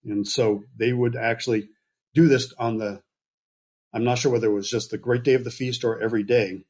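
A man teaching a Bible passage in a relaxed, conversational way, often checking in with his listeners with asides. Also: medium pitch, brisk, slightly rough. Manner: relaxed, explaining with frequent okays and asides.

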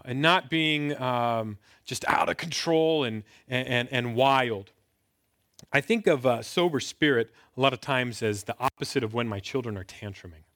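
A man's voice: mid-range voice, fairly bright tone. A man in his thirties giving a conversational sermon as a pastor, asking rhetorical questions and leaning hard on key words. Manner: conversational preaching with rhetorical questions and emphatic rises. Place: indoors, filmed talk.

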